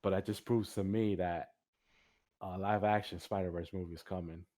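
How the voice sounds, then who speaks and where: Low-voiced, rambling male podcast host. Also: steady tone, moderate pace, dark tone, no room sound, clean studio sound. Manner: rambling, filler-heavy, laughs often. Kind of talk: casual chat.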